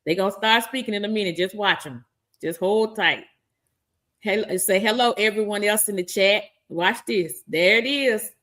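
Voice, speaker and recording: With a mid-range voice at an ordinary pace, a woman co-hosts a livestreamed talk show. She keeps things lively, laughing a lot while reading viewers' comments aloud with friendly greetings.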